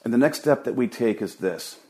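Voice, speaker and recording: A middle-aged pastor delivers a sermon in an earnest, emphatic way. He speaks at a middle pitch for a man and repeats words as he builds each point. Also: animated, brisk, warm tone. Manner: earnest, emphatic preaching with repetitions.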